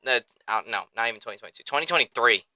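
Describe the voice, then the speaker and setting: A young man hosting a sports podcast in an excitable, rambling, profane way, close to the mic. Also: mid-range voice, very fast, no room sound, poor audio. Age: young adult. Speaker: podcast host. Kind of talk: casual chat.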